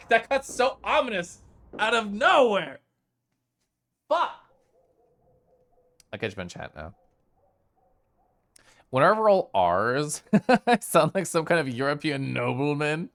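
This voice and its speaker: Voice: mid-range voice, very animated, takes it slowly, pauses often, fairly bright tone. A game streamer chatting casually on a live stream, reacting to chat with a giggly, chatty manner.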